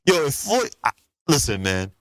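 A man co-hosting a boxing talk show, telling stories with lively swings in his voice. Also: mid-range voice, no echo. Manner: animated storyteller, quick impressions of others. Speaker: podcast co-host, boxer. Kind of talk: casual chat.

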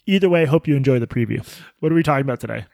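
A man co-hosting a podcast in casual banter, with sarcastic, deadpan jokes. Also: mid-range voice, rapid-fire, gravelly, no echo, clean studio sound. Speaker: podcast co-host.

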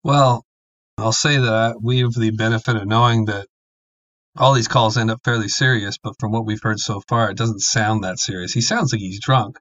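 Male co-host, measured and deadpan, low voice, dull dry recording. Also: no room sound. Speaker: podcast co-host. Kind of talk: casual chat.

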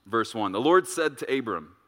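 A middle-aged male pastor preaching a sermon, telling a story and acting out voices with big jumps in pitch and volume. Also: animated, normal speed, long reverb tail.

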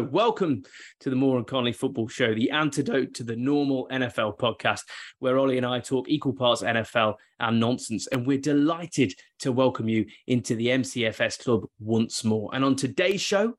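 A man's voice: medium pitch, brisk. A man hosting a football podcast, ad-libbing in a playful, mock-grand way. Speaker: podcast host. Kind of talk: casual podcast banter.

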